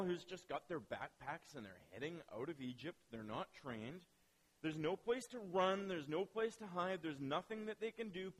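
A man preaching a sermon as pastor, telling stories with lively asides and acting out quoted voices. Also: high-pitched, rough recording.

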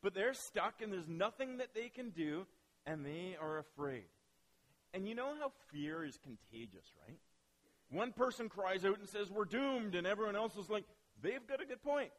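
A man preaching a sermon as pastor, telling stories with lively asides and acting out quoted voices. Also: high voice, moderate pace, poor audio.

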